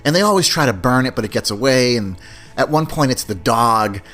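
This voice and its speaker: A man's voice: mid-range voice, expressive, brisk, fairly bright tone, soft background music. A man hosting a podcast in a casual, rambling monologue, chatty and loose, often tossing in "man" and "you know". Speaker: podcast host.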